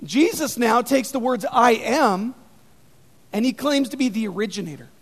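A man preaching an animated sermon, telling stories with dramatic emphasis. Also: extremely high pitch, a little fast. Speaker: pastor. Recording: long reverb in a hall.

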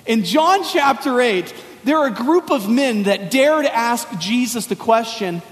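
A man with a very high voice preaches in a casual, storytelling style, easing into folksy slang as he tells his story. His voice rings out with the long reverb of a large hall. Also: expressive, normal speed, few pauses. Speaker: pastor. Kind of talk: sermon.

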